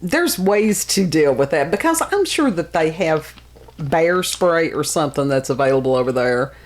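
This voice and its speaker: A woman's voice: low voice, expressive, normal speed. A woman hosting a casual podcast chat, blunt and exasperated, often sighing and laughing. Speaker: podcast host.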